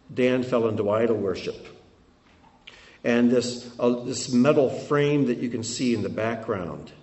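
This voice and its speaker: Man preaching over travel slides, echoey room. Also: medium pitch. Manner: animated storytelling, shifts between loud and hushed. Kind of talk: sermon with slideshow of travel photos.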